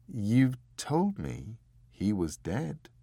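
A man voicing a genderless fallen angel who speaks gently and with measured calm, coldly certain of its own rightness. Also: on the low side, no room sound. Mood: serene, regretful. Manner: gentle and measured, slipping into unhinged fury.

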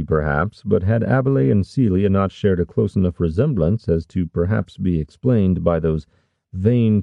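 Guy putting on a wry plotting old lord, gravelly and low, dull dry sound. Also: no echo. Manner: scoffing, wry, conspiratorial. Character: sly scheming older male lord, amused.

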